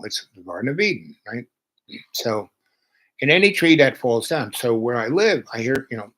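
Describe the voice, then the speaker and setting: A man's voice: mid-range voice, poor audio. A man in his seventies telling rambling personal stories in a chatty, meandering way. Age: 70s. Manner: meandering, chatty, jumps between thoughts. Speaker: channel host.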